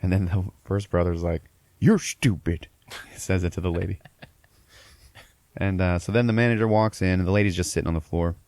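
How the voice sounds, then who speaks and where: Low gravelly man rambling through a movie recap. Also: fairly even intonation, fairly quick, darkish tone, no room sound. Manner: rambling, profane, laughing storyteller. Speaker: podcast host.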